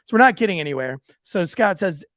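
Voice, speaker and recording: A man, a former police officer, co-hosting a podcast and telling profane, animated stories in casual chat. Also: high voice, fast talker, dry recording, studio quality.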